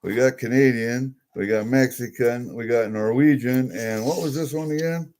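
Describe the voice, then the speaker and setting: At a normal speed, a man with a mid-range, darkish voice chats through coins he's just pulled from a package. He collects coins and vlogs about it, easily delighted in this casual unboxing and prone to muttering to himself.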